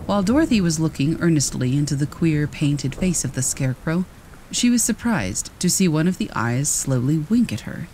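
Male audiobook narrator, calm and measured, mid-high voice, faint rain behind. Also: slight background noise, rough recording. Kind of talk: scripted storybook narration.

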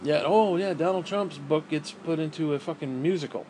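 A man's voice: a little high, normal speed, a little mellow, slight background noise. A man venting in a bitter, profane, rambling monologue to camera as a vlogger, often restarting his sentences.

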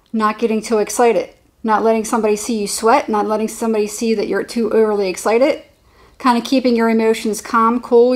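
Chatty, excitable higher-voiced woman tarot reader. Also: rough recording. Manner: chatty and excitable, rambling with restarts. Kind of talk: casual tarot reading to camera.

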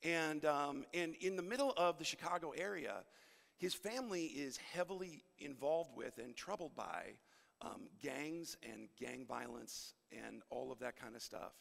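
A man's voice: on the high side, measured pace, vocal fry, fairly bright tone. A young adult man as pastor, praying and preaching in a candid, conversational way with frequent fillers. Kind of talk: sermon. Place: church hall. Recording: long hall reverb.

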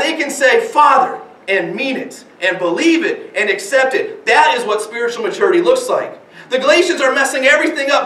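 A man's voice: very high-pitched, pushed and bright, reverberant, far from the mic. A man preaching a sermon as pastor, earnest, with many rhetorical questions and repeated phrases. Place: church sanctuary.

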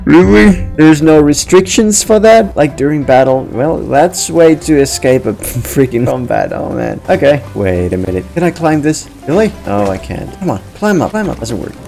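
A man's voice: on the high side, animated, moderate pace, creaky, hardly any pauses, a little mellow. A man chatting playfully while playing a video game, with lots of exclamations and laughs. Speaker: gaming streamer. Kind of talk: let's play commentary. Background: game music.

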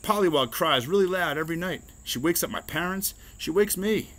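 A man's voice: fairly high pitch, animated, a little fast, fairly bright tone, voice pushed up. A man doing a sleepy frog boy. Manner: apologetic, tired.

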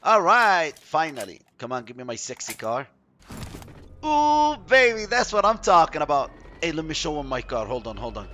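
A man giving chatty, excitable commentary while playing a shooter game, yelping when surprised. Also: on the high side, brisk, hardly any pauses, slight background noise. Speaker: mobile game streamer.

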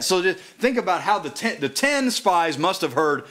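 At a small house church gathering, a man whose voice is bright and fairly high delivers a sermon. He reads scripture in a slow, deliberate way before discussing what it means in a relaxed, conversational tone.

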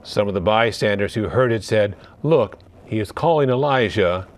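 Priest, male, lowish voice, measured Gospel reading and homily with occasional restarts. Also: expressive.

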